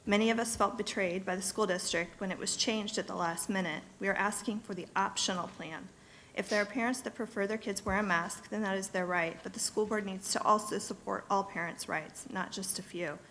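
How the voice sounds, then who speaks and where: A woman reads prepared remarks to a school board from a podium in a public meeting room. Her delivery is earnest and steady, at a middle pitch, with a faint hum of room ambience behind her. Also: brisk, rough recording. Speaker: parent speaking at public comment.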